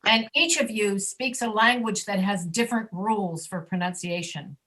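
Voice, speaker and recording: A woman teaching an online English pronunciation class, patiently demonstrating sounds slowly and repeating them. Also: medium pitch, bright, forceful tone. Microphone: video call.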